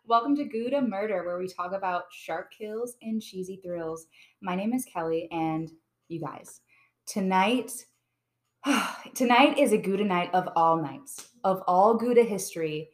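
Excitable woman hosting a podcast, chatty and giggly, sitting round a table with friends. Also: medium pitch, measured pace. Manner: bubbly, excitable, laughs often. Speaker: podcast host. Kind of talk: casual chat. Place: around a table indoors.

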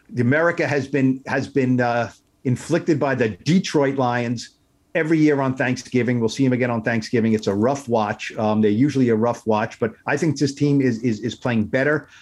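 A man's voice: medium pitch, husky. Rambling male podcast co-host. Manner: rambling, hesitant, full of restarts. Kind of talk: casual sports podcast chat.

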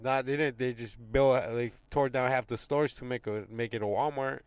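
A man's voice: medium pitch, fairly even intonation, moderate pace, a little mellow, smooth, dry recording. A man co-hosting a podcast in laid-back, slangy, profane casual chat. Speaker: podcast co-host.

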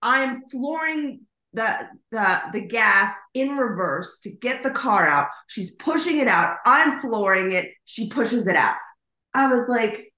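A woman's voice: a little high, lively intonation, slow, pushed and bright. A middle-aged woman co-hosting a podcast, telling a rambling, casual story with lots of fillers and swearing. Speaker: podcast co-host. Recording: roomy echo.

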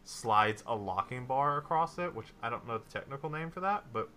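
A man's voice: medium pitch, animated, normal speed, sharp tone, a little hiss or hum. Man narrating as game master. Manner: loose, filler-heavy narration.

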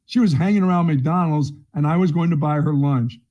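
Middle-aged man, talk co-host, mellow dark tone, slightly high, rambles bluntly. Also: brisk, muffled recording. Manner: blunt, rambling storyteller who laughs at his own jokes. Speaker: radio sports show co-host. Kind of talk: casual banter.

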